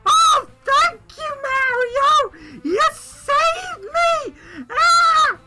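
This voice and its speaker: A man voicing a squeaky, shrill male mushroom sidekick who shouts over the top. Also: big pitch swings, extremely slow, exaggerated voice. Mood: pleading.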